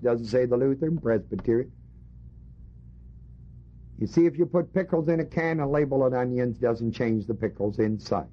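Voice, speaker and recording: A male preacher teaching a Bible passage to his congregation, emphatic and fond of rhetorical questions. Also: mid-range voice. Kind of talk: sermon. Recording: dull lo-fi recording.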